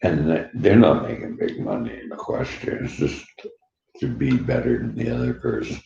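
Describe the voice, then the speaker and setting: Very deep gravelly older man. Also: lively intonation, normal speed, warm tone, a little hiss or hum. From Canada. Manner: blunt, profane, laughs between remarks. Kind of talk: rambling personal monologue. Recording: dull echoey room recording.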